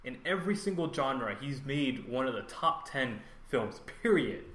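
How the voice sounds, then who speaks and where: A man's voice: medium pitch, expressive, normal speed, a bit bright, reverberant. A man co-hosting a casual film podcast, talking in a laid-back way and swearing freely. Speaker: podcast co-host. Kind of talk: casual chat.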